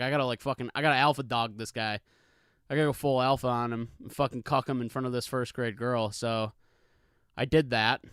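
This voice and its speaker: A man's voice: medium pitch, fairly bright tone, smooth, no echo. A man in his thirties hosting a casual solo podcast, rambling and swearing freely in a laid-back way on a studio microphone. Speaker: podcast host. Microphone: studio microphone with pop filter.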